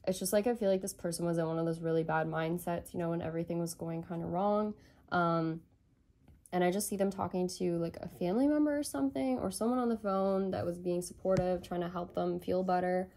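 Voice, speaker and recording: A woman's voice: on the low side, steady tone, fairly quick, gravelly, dark tone. A woman giving a channeled tarot reading, rambling and tentative as she thinks aloud. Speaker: tarot reader.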